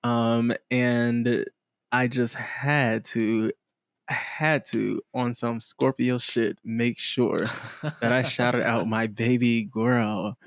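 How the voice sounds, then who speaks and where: A man co-hosting a casual podcast, animated and profane, acting out quotes with big vocal swings. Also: slow, dry recording, clean studio sound. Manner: animated, swears freely, acts out quotes with big pitch leaps. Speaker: podcast co-host. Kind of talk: casual chat.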